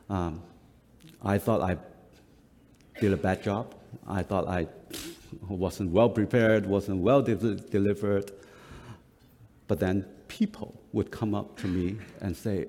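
A middle-aged man from Singapore preaching a sermon as pastor, speaking haltingly with frequent fillers and self-corrections. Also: lowish voice, dark tone. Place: church hall. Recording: long reverb of a large hall.

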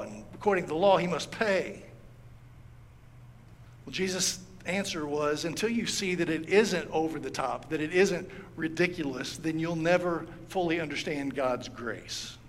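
A pastor delivers a sermon in a slightly high voice, spinning a story and acting out the lines of its characters. His voice carries a long reverb, with a faint hum of room ambience behind it. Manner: storytelling, acts out quoted lines. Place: church sanctuary.

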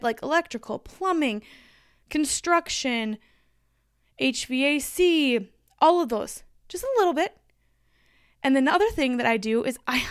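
A woman's voice: high voice, no room sound, clean studio sound. A woman hosting her own podcast in a chatty, emphatic solo monologue, laughing easily as she talks. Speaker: podcast host.

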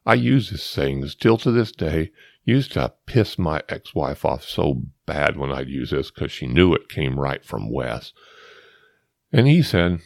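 A man's voice: a bass voice, big pitch swings, measured pace, creaky, no room sound, studio quality. A middle-aged man hosting a storytelling podcast, rambling through digressions and addressing listeners as folks. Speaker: podcast host.

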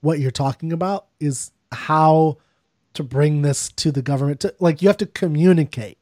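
A podcast co-host with a fairly high, slightly mellow voice chats casually at a moderate pace, joking around and using lots of fillers. The studio recording is clean, with no echo.

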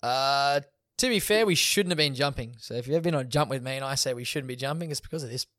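A young man telling a story in a relaxed podcast chat, swearing often and laughing as he goes. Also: medium pitch, fast talker, dry recording, clean studio sound. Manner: laid-back, swears often, laughs through stories. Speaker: guest.

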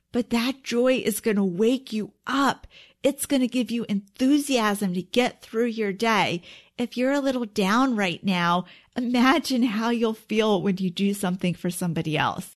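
A middle-aged woman, a life coach hosting her own podcast, talking straight to her listeners in an earnest, encouraging way. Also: on the high side. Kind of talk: solo podcast talk.

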